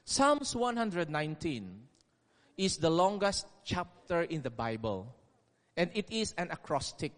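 A man preaching a sermon in a deliberate, emphatic way, repeating key words for stress. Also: fairly high pitch, big pitch swings, fairly bright tone. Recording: long reverb of a large hall.

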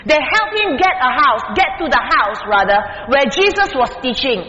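A guest preacher delivering a sermon from the pulpit, speaking deliberately and stressing key words with rising emphasis. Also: high voice, very animated, pushed and bright. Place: church sanctuary at the pulpit. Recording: dull lo-fi sound in a reverberant hall.

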